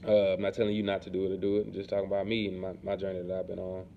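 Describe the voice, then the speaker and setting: A man chatting casually to camera in a relaxed, rambling way, often asking "you know what I'm saying". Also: low-pitched, racing, vocal fry. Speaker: vlogger. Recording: dull lo-fi sound with faint background noise.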